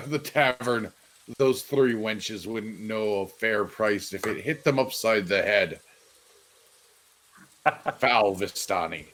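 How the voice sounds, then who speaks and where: A man playing a gruff, sneering shopkeeper in a tabletop game, scornful and mocking about rivals, with a lowish voice and an unhurried, drawn-out pace. He sounds like he trusts nobody. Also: a bit bright. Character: gruff suspicious male shopkeeper.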